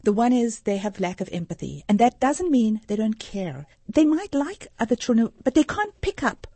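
A woman's voice: fairly high pitch, big pitch swings, moderate pace, dark tone, breathy edge, no room sound. A middle-aged woman from Africa, a social worker explaining earnestly as a radio interview guest. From South Africa. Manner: earnest, explanatory, gives anecdotes.

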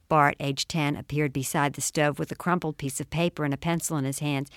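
A woman host telling a scripted family scene in an animated, storytelling way. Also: low-pitched, a little fast, hardly any pauses, dry recording, studio quality. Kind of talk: scripted narration.

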